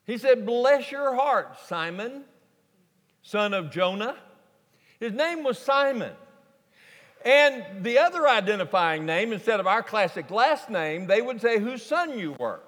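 A man preaching a folksy, animated sermon to a congregation in a large church sanctuary. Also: high-pitched, unhurried. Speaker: pastor. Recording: long reverb of a large church hall.

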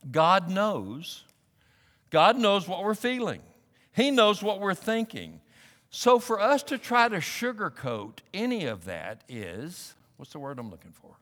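A man preaching a sermon as a pastor, animated and building up to emphatic, pressing questions. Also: high voice, in a large hall. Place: church sanctuary.

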